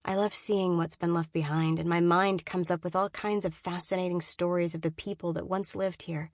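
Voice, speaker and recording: A woman with a fairly low voice narrates a novel in first person, measured and often dropping to a hushed, inward tone. The recording is dry and close, with no room sound around her. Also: flat delivery, dry recording. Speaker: audiobook narrator.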